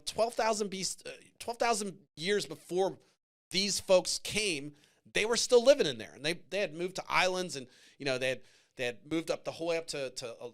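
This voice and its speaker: A man with a slightly higher voice, talking in a loose, heated commentary style. He swears freely and circles back on his points as his feelings run high. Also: a bit bright. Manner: passionate, profane, emotional. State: choked up. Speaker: podcast host. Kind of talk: casual commentary.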